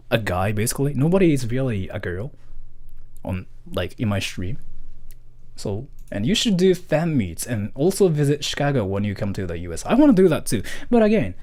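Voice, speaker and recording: A man streaming live, chatting casually with viewers and reading donations in a rambling way with lots of fillers. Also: medium pitch. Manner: animated, rambling with many fillers. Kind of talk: casual livestream chat.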